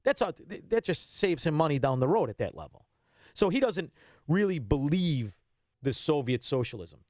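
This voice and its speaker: A fifty-something man rants bluntly on talk radio, his voice sitting fairly high for a man. He lurches from punchy outbursts to low, muttered asides. The sound is close and dry. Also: big pitch swings, normal speed, dry recording. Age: 50s. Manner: blunt, ranting, swings between loud and low. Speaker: radio guest. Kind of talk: heated political radio talk.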